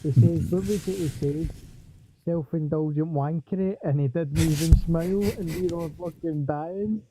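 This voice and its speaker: A man's voice: fairly high pitch, normal speed, over music, rough recording. A man with a thick Scottish accent telling sweary, laughing stories in a late-night chat.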